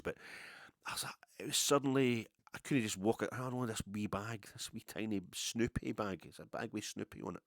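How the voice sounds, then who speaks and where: A man's voice: fairly low pitch, no echo, studio quality. A middle-aged Scottish man, a podcast host, telling a long rambling story in a casual, self-deprecating way. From Scotland.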